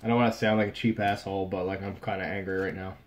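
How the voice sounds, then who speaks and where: A young man casually talking through opening trading card packs on a vlog, frustrated, swinging between low muttering and sudden outbursts. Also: flat delivery, quick pace. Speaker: card pack opener.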